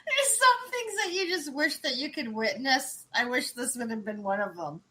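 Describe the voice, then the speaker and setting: A woman's voice: sits high, lively intonation, normal speed, sharp tone. A woman hosting a casual podcast, telling a funny story and laughing often. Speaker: podcast host.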